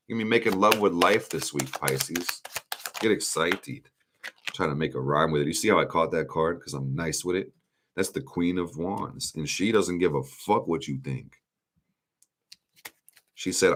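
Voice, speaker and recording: A man's voice: extremely low pitch, normal speed, background noise. A man giving a casual, hyped live-stream tarot reading, swearing freely and talking straight to his viewers in slang. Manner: hyped, profane, talks straight to chat with slang. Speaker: astrology and tarot reader.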